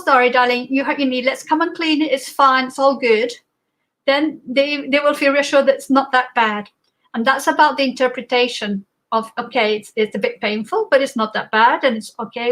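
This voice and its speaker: A woman giving a spiritual talk in a reflective way, pausing often with fillers. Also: a little high, a bit bright, poor audio. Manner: reflective, with many pauses and fillers. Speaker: guest speaker.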